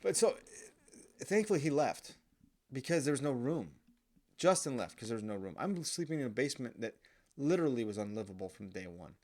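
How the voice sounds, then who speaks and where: A man's voice: medium pitch, sing-song, fairly quick, darkish tone. Profane rambling man telling stories. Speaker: podcast host. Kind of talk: casual storytelling monologue.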